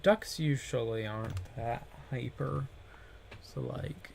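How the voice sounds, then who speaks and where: A male streamer talks alone at an easygoing, unhurried pace and rambles as he works. He drifts into playful silly noises and goofy asides. A faint room hum sits under his desk mic. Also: medium pitch, gravelly, darkish tone. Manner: rambling, playful, hums and makes silly noises while working. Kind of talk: casual solo stream chatter.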